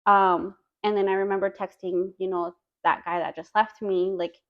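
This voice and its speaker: A woman's voice: medium pitch, steady tone, normal speed, few pauses. Woman telling a personal story, dull audio. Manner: earnest, heavy use of "like" and "you know". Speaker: podcast guest. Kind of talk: casual storytelling chat.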